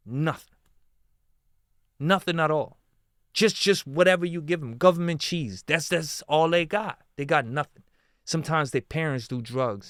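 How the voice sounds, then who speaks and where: A man's voice: a little high, fairly bright tone, dry recording, studio quality. A man giving heated reaction commentary, swearing often and firing off rhetorical questions.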